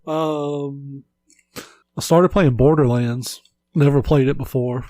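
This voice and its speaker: A man's voice: medium pitch, steady tone, slow, dark tone, no room sound. A man hosting a casual podcast, telling stories in a laid-back, rambling way with lots of filler words. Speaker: podcast host. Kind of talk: casual chat.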